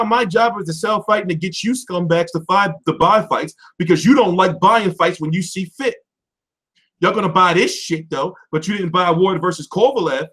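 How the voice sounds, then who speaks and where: Male stream host, high and lively voice, profane off-the-cuff rant from his home setup. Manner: animated, swearing, jumps between loud and mumbled. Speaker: boxing commentary livestream host.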